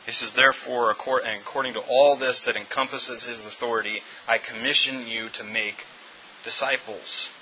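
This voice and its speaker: Middle-aged guy preaching, really bright tense voice, emphatic, keeps repeating himself, dull lo-fi sound. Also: medium pitch, steady tone, moderate pace. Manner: emphatic, repeats words and restarts phrases. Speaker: pastor. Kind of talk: sermon. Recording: dull lo-fi recording with faint hiss.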